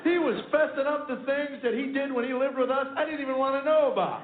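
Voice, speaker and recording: A man's voice: very high voice, fast, few pauses, noisy background. A middle-aged male comedian telling a family story on stage, acting out the dialogue with wry punchlines. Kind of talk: stand-up storytelling. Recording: echoey, tinny phone-like live recording.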